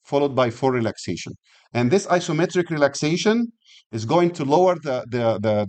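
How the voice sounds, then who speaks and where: A man with a slightly higher-pitched voice gives a classroom lecture on anatomy. He keeps asking the class rhetorical questions, repeats himself as he works through an idea, and demonstrates points with his own body. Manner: explains by rhetorical questions, repeats and restarts phrases; uses physical demonstrations while explaining. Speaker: anatomy and physiology instructor.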